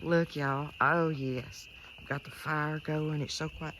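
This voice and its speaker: A woman's voice: sits low, steady tone, measured pace, background noise. A woman hosting a casual cooking demonstration, chatty and folksy, talking straight to her viewers outdoors at night. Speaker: cooking show host.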